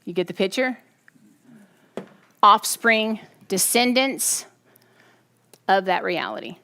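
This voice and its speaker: A woman preaching a sermon, animated and often checking in with her listeners. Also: mid-range voice, slow pace. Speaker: teacher.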